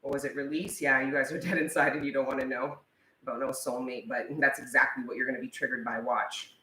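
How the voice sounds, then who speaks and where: A woman giving a casual tarot reading in a chatty manner, swearing freely and reading the card text slowly. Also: a bass voice, fairly even intonation, sharp tone. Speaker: tarot reader. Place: indoors, room with a live wasp. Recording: echoey room, faint background noise.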